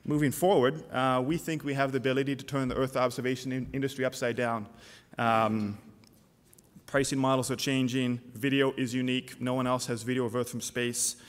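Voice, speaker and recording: A middle-aged man from Canada delivers a conference keynote in a loose, anecdotal way. He talks at a mid pitch, full of "uh"s and restarts. His voice rings with the long reverb of a large hall. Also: flat delivery, a little fast. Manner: casual, anecdotal, many fillers and restarts. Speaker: keynote speaker, company CEO.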